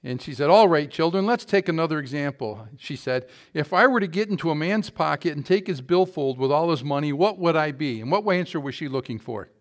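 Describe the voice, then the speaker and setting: A man's voice: on the high side, animated, a little fast, hardly any pauses. A man preaching in a church, telling folksy jokes and reading scripture with rising force. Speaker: pastor. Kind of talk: sermon with jokes.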